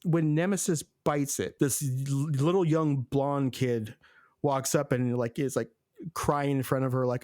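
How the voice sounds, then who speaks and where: A man's voice: mid-range voice, fairly even intonation, measured pace, darkish tone, no echo. A man co-hosting a podcast, animatedly recapping a movie with sarcastic asides in casual chat. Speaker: podcast co-host.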